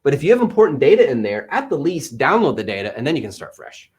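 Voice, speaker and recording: A man in his thirties hosting a live-stream Q&A from an office, answering chat questions on selling with energetic, playful teasing. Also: medium pitch, quick pace. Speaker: livestream host and Amazon seller coach.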